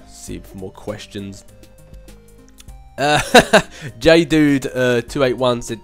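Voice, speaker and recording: This young channel host speaks slowly yet animatedly in a mid-range voice while casually answering viewer questions. Rambling and chatty, he laughs often and drops filler hums, with faint music in the background.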